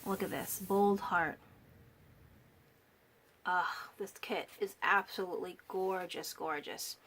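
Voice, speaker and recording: A woman's voice: lowish voice, steady tone, slow, fairly bright tone. A woman walking through a handmade journal she made, gushing over each page with many fillers and restarts, her voice a little worn. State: slightly losing her voice. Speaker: crafter showing a handmade journal. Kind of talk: casual show-and-tell walkthrough.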